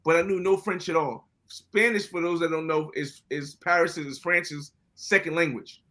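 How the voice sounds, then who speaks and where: American guy guesting on a podcast, bright voice, a bit high, animated storyteller. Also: normal speed. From United States. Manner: animated, acts out quoted dialogue. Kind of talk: casual storytelling interview.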